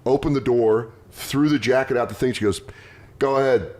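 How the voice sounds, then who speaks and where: A man's voice: medium pitch, a little mellow. A man hosting a podcast, telling rambling personal stories in casual chat and acting out quotes. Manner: rambling storytelling, quick vivid quotes. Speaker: podcast host.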